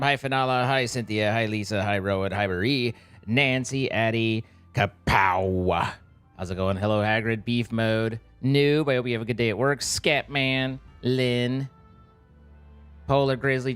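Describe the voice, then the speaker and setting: A man's voice: mid-range voice, a bit bright. A young man live-streaming a game, chatting loosely and greeting viewers by name in a rambling, playful way. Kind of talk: casual live-stream chat.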